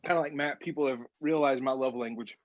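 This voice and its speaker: A man co-hosting a casual podcast chat, halting and laughing, his throat burning and rough from eating a very hot chip. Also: medium pitch. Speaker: podcast co-host, pastor. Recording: dull, dry lo-fi sound.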